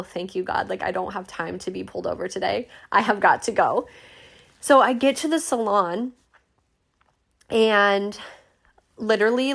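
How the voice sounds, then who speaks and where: Young woman, podcast host, gravelly fry, loose profane storytelling, heavy "like" fillers. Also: medium pitch. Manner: chatty, swears freely, many "like" fillers, acts out quoted voices. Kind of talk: casual storytelling monologue.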